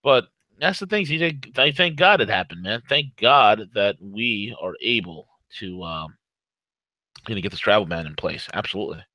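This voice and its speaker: A man's voice: fairly low pitch, lively intonation, normal speed, no echo, low-quality recording. Fired-up man talking on a morning radio show. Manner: fired-up, rants loudly, jokes and laughs. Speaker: co-host. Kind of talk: talk radio commentary with ad reads.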